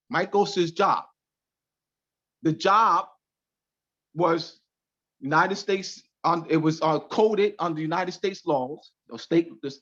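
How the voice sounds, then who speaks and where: A man's voice: high voice, fairly bright tone. A man teaching a class on a video call, speaking emphatically and repeating key phrases. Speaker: class instructor. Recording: dull lo-fi call audio.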